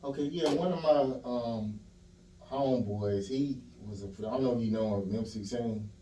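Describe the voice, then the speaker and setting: A man's voice: medium pitch, moderate pace, dark tone. A man hosting a podcast in a loose, slangy way, with lots of filler phrases as he asks questions. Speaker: podcast host. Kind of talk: casual interview chat. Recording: roomy room, distant mic, faint hiss.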